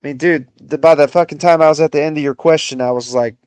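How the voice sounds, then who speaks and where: A man's voice: fairly high pitch, fairly even intonation, fast, hardly any pauses, darkish tone, smooth, no echo. A man hosting a political livestream, ranting in casual, profane, exasperated commentary full of "bro" and "dude.".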